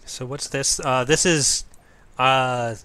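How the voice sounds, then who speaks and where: A man hosting a casual game chat, telling stories in a relaxed, chatty way. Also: mid-range voice, slow pace, clear, resonant tone. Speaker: host streaming a game.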